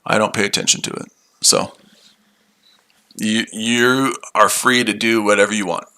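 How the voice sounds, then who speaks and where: Male trading streamer, tired and mocking, bright tense tone. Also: lowish voice, fairly even intonation, a little slow. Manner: sarcastic, repetitive, combative. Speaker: trading livestream host. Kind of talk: live trading stream, answering chat.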